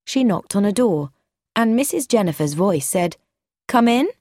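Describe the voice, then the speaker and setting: A woman narrating a story aloud in a measured, clear, even way. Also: medium pitch, dry recording, clean studio sound.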